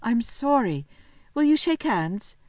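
A woman reading aloud, voicing an earnest, bossy older schoolboy in a brisk, emphatic way. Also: fairly high pitch, big pitch swings, a little mellow, no echo, voice pushed up.

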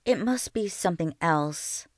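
A woman reading the part of a calm, firm woman country doctor in a quiet, slow, measured voice. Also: fairly low pitch, dry recording, clean studio sound. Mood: grave.

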